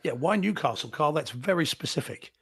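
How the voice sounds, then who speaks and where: Husky New Zealand-born co-host. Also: male voice, a little high, lively intonation, a little fast, fairly bright tone, no echo, studio quality. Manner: chatty, laughs between points. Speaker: podcast co-host. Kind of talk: casual live-stream chat.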